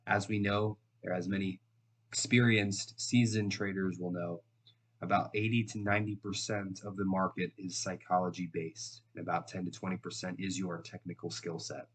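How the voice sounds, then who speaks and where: A man with a nasal voice after a recent illness, giving an earnest, measured lesson on trading psychology to camera. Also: low-pitched, flat delivery, a bit bright. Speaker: trading educator.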